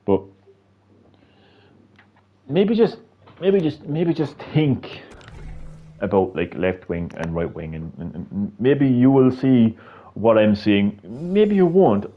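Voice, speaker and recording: A man's voice: mid-range voice, very animated, slow pace, long pauses, dull audio. An Irish man giving a casual, rambling opinion monologue full of fillers and swearing. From Ireland. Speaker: video creator.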